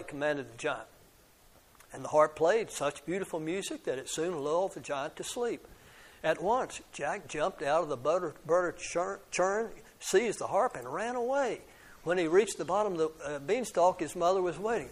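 A man's voice: a little high, moderate pace. A man reading a fairy tale aloud to children, adding little asides to the kids and stumbling now and then over words. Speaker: storyteller.

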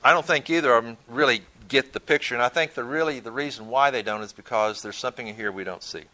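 A man leads a Bible lesson with a bright, ringing voice at an ordinary middle pitch. He talks loosely and conversationally, restarting phrases and tossing questions back to his listeners. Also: quick pace. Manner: conversational, repeats words while thinking. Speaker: Bible teacher. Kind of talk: Bible study lecture.

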